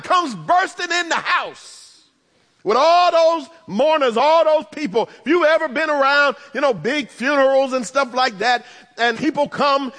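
A man preaching a sermon, animated, with humorous asides and bursts of shouting. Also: extremely high pitch, big-room sound. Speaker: pastor.

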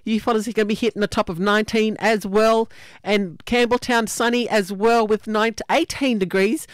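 A woman's voice: mid-range voice, steady tone, moderate pace, dry recording. Australian woman, breakfast radio host, bubbly and chatty, dry studio sound, mid-range voice. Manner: chatty and upbeat, laughs often. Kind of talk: live radio presenting.

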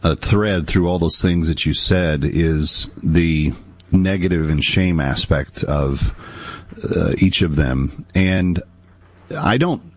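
A man's voice: deep voice, takes it slowly, no echo. A man co-hosting a talk show, answering in a hesitant way and restarting his sentences as he works out his thoughts. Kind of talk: casual discussion.

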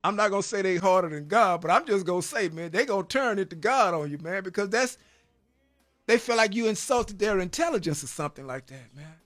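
A man's high, lively voice moves briskly as he delivers an emphatic testimony of faith from his time behind bars. The tone is a bit bright, there's no echo, and he sprinkles in "man," repeating words as emotion builds, like a preacher.

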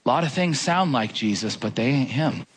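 A man preaching a casual sermon to a congregation, in a conversational, animated way with many rhetorical questions. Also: medium pitch, moderate pace, breathy edge.

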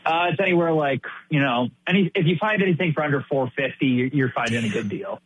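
A man's voice: on the high side, quick pace, slightly rough, dry recording. A man calling into a sports radio show, chatting in a laid-back, joking way. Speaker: caller. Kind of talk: casual call-in chat. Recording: tinny phone line.

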